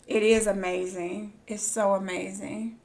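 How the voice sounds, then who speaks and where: A woman streaming a game live, reading on-screen text aloud and breaking into excited squeals. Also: medium pitch. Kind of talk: live gameplay commentary.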